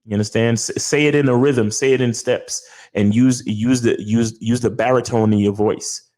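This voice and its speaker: Speaking at a moderate pace with fairly even intonation, this man has a warm, mid-range voice. As a show host at a studio mic, he dishes out casual dating tips, swearing freely, repeating himself, and checking again and again that the listener understands.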